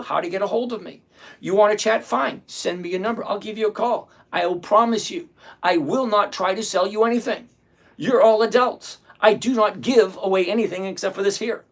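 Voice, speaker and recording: A man hosting a stock-trading livestream, talking bluntly and with exasperation, rattling off countdowns and numbers. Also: sits high. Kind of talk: casual livestream talk.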